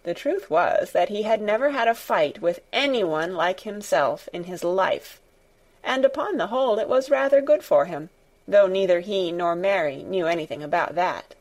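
A woman narrating a children's classic as an audiobook, in a measured, expressive storytelling manner. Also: medium pitch. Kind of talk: scripted narration.

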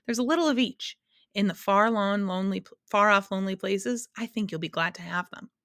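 A soft, sighing keeper of sounds, read by a woman. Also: medium pitch, a little fast, no echo, studio quality, natural voice. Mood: tender.

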